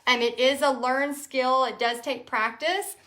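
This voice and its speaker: A woman's voice: high voice, fairly even intonation, measured pace, bright, forceful tone. Chatty woman teaching a painting class. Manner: chatty, laughs often, reads out viewer comments. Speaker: painting instructor and host. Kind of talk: live step-by-step painting lesson.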